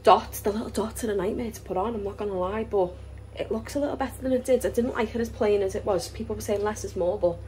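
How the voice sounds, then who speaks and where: A woman's voice: mid-range voice, fast talker, darkish tone. Woman, casual home-kitchen vlog narration, chatty and matter-of-fact, slight background hiss. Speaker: family vlogger.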